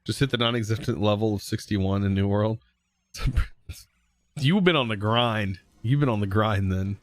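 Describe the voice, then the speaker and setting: A young man live streaming, chatting casually with viewers in a relaxed, rambling way full of fillers and restarts. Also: on the low side, moderate pace. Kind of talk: casual chat reading viewer comments.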